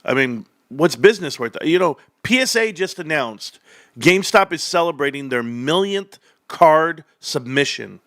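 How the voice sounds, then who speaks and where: A young man hosting a livestream, talking straight to his viewers in an animated, sarcastic rant. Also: fairly high pitch, moderate pace, no room sound, studio quality. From California, United States. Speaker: livestream host. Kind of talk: casual stock-talk livestream rant.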